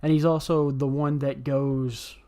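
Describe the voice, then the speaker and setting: A man's voice: mid-range voice, flat delivery, measured pace, dark tone. A man in offhand, chatty casual talk as a podcast co-host, swearing now and then. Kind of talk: casual chat.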